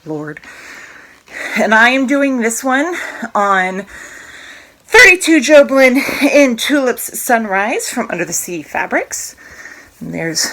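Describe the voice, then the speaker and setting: Woman, 30s, home vlogger; bright, chatty, rambling, jokey delivery. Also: mid-range voice. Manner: rambling, self-interrupting, jokey. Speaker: cross-stitch vlogger. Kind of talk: casual chatty show-and-tell.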